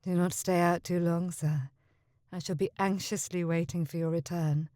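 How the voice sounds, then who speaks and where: A woman voicing a seductive society lady with a breathy, purring voice. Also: fairly low pitch, fairly even intonation, normal speed, dark tone, dry recording, studio quality, pitched below the performer's own voice, natural voice.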